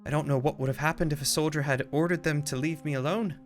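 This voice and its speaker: Man reading as a yearning young lady diarist, shaky British accent drifting Irish, voice nudged a bit higher. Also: steady tone, fast talker, soft background music, close to an everyday voice. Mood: earnest. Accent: shaky put-on British, slipping into Irish. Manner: reading a diary aloud in a put-on voice. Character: young upper-class woman diarist, yearning, rebellious.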